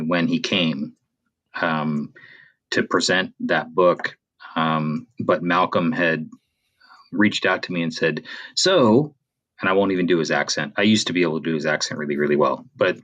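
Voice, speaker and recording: A man's voice: sits low, fairly bright tone. A Canadian-born man co-hosting a podcast in casual chat, rambling with many fillers and restarts. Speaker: podcast co-host.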